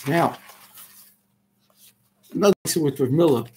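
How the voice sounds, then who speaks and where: A man's voice: fairly high pitch, measured pace, dark tone, a little hiss or hum. An older man hosting a radio show, delivering an impassioned, frustrated monologue sprinkled with Yiddish and Hebrew words. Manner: ranting, frustrated, peppered with Yiddish and Hebrew terms.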